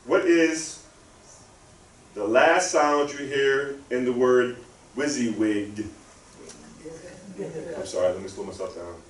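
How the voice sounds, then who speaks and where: A man's voice: medium pitch, takes it slowly, long pauses. A man leads a library audience through a spelling drill, calling out each sound and having them repeat it. His voice sits in the middle range. It echoes around the room from a mic some distance away, with a faint hum behind it. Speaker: guest speaker. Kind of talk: interactive spelling lesson.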